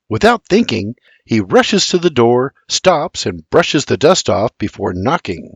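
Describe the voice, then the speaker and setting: An older man narrating an audiobook with expressive storytelling on a close studio mic. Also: on the low side, unhurried, few pauses, husky, dry recording.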